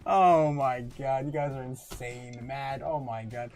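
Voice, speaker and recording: A man's voice: medium pitch, slow pace, darkish tone. A man hosting a crypto livestream, casually reading out viewer comments with lots of laughter and filler words. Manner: laughs often, hesitant with many fillers.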